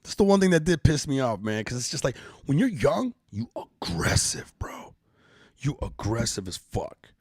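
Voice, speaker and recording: A man's voice: medium pitch, sing-song, fairly quick, few pauses, darkish tone, husky, dry recording, clean studio sound. A middle-aged man hosting a casual live-stream podcast, joking around in loose, profane banter. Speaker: podcast host.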